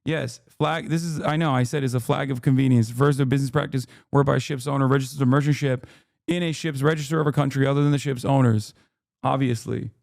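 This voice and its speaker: A man streaming live, ranting angrily and sarcastically with lots of swearing, his voice going hoarse. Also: medium pitch, fairly even intonation, fast talker, a little mellow, no room sound, clean studio sound. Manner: angry, swearing, sarcastic rants. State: losing his voice. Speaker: streamer reacting to a video. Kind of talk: heated livestream commentary.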